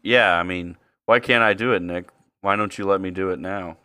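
A man's voice: low voice, steady tone, moderate pace, smooth, dry recording, studio quality. A man co-hosting a casual podcast, joking crudely while watching a ballgame. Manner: joking, crude, loud bursts. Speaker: podcast co-host.

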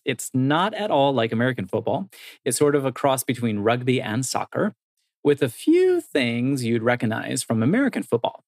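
A man's voice: mid-range voice, big pitch swings, moderate pace. A young man reads news items for a podcast, with jokes mixed in. The sound is dry and close, with no room echo. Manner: light, joking, reads quotes aloud. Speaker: podcast co-host reading news. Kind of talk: casual news chat.

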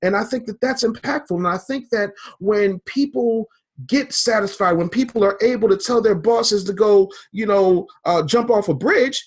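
A man's voice: sits high, moderate pace. A man, a business coach, talking fervently in an interview, building points in preacher-like repeated phrases. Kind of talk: motivational interview talk.

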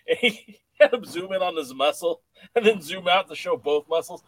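Man, somewhat high voice, enthusiastic, run-on podcast chat. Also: moderate pace, no echo, poor audio. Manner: enthusiastic, talks in long run-on stretches. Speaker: podcast co-host. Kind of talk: casual wrestling podcast chat.

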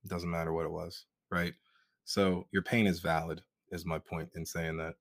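A man's voice: low-pitched, level tone, moderate pace, dry recording, clean studio sound. A man being interviewed as an author, speaking in a heartfelt, earnest way and swearing now and then. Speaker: guest, author. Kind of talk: emotional interview talk.

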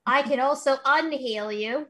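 A woman's voice: high-pitched, unhurried, a bit bright. A woman playing a character in a tabletop role-playing game, playful and teasing. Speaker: player.

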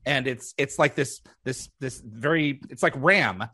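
A male host leading a relaxed panel conversation. He explains his points earnestly and at length, in a voice of everyday middle pitch. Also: unhurried, no echo, studio quality. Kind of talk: panel interview.

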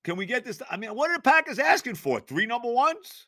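An older man, hosting a sports podcast and ranting in exasperation with loud, theatrical outbursts. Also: very high voice, sing-song, quick pace, hardly any pauses, dry recording, clean studio sound. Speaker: podcast host. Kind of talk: sports rant.

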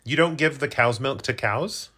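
A man co-hosting a podcast, bantering in a dry, teasing way with quick quips. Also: mid-range voice, pushed and bright, slightly rough. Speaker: podcast co-host. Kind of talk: casual banter.

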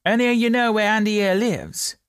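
A man voicing a burly police constable who barks brisk orders. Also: on the high side, sing-song, dry recording, studio quality, full character voice. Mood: commanding. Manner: loud, blustering orders.

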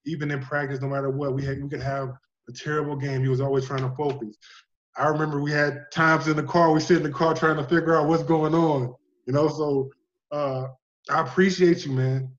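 A man, a basketball coach, talks with a fairly high voice in animated, casual conversation. He acts out what his players say as he tells stories, and he speaks. The sound is muffled and lo-fi, as if it came over a remote link. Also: fairly quick. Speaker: basketball coach, podcast guest.

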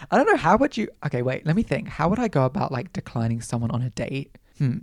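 A man's voice: mid-range voice, big pitch swings, moderate pace, dry recording, studio quality. A young man hosting a solo podcast, chatting in a rambling way, questioning himself aloud and acting out quotes playfully. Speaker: podcast host. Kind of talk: casual solo podcast chat.

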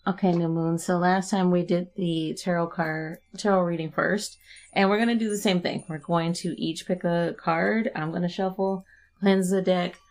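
Chatty woman podcast host, slightly low voice. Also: normal speed. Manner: chatty, laughs often, relaxed and warm-hearted. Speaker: podcast host and tarot reader. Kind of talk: casual podcast chat.

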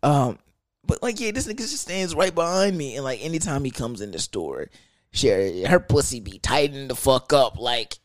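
A man's voice: medium pitch, very animated, normal speed, no room sound. A young man telling a profane, slang-heavy story rant.

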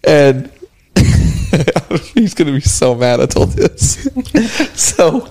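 A man's voice: sing-song, extremely slow, warm tone. A man co-hosting a casual podcast chat, telling a story and laughing often, with his voice jumping up when he quotes people. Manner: laughing storyteller, voice jumps high for quoted lines. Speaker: podcast co-host.

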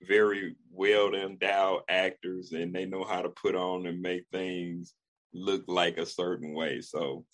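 A man's voice: sits low, level tone, unhurried, fairly bright tone. A man co-hosting a casual chat, laid-back, mostly giving short agreeing replies. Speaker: podcast co-host.

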